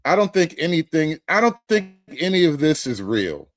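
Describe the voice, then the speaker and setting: Male host, sarcastic reaction commentary, slangy, lively pitch, fairly high voice, dry sound. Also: moderate pace, dry recording.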